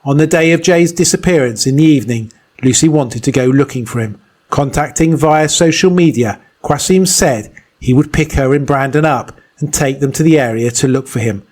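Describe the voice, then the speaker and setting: Brief: male investigator narrating, mid-pitched, steady and serious. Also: moderate pace. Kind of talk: scripted narration.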